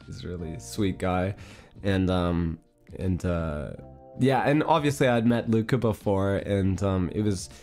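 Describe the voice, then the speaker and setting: A man's voice: low-pitched, unhurried, darkish tone, soft background music. A man streamer telling a story in a casual chat stream. He rambles, fills his talk with fillers, and giggles often.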